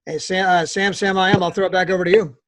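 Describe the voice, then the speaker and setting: Fast-talking upbeat American man. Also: high voice, steady tone, slight background noise. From United States. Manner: fast, upbeat, joking, repetitive. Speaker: guest presenter on a team call. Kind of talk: casual online meeting talk. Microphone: video call.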